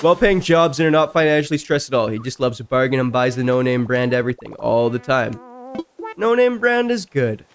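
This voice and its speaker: A man streaming a game, reading stories aloud and breaking in with loud, jumpy reactions. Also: steady tone, quick pace, few pauses, music in the background. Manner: reacts loudly, jumps high in pitch. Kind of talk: casual reading and commentary while gaming.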